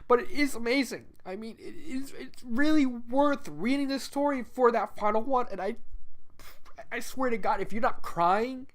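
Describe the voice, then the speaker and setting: A man's voice: extremely high pitch, moderate pace. A man giving a casual, rambling spoken review of a story, emotional and tearful, with many restarts and fillers. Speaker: fan fiction reviewer.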